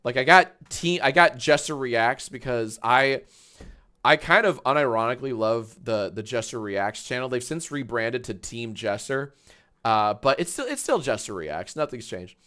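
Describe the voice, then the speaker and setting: A man hosting a live stream, chatting casually and loudly, swearing, laughing and getting excited in bursts. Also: moderate pace. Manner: excitable, loud, swears, laughs often, big swings in pitch and volume. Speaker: livestream host. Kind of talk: casual livestream chat.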